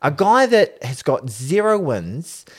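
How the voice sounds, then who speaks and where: A man co-hosting a casual rugby podcast, retelling events in an animated, exaggerated way. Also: fairly high pitch, slow, husky. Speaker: podcast co-host.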